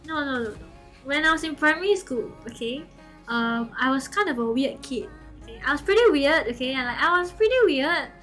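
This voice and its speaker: High-voiced giggly streamer woman. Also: brisk, faint music behind. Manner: animated, giggly, keeps saying okay and like. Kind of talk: casual storytelling to chat.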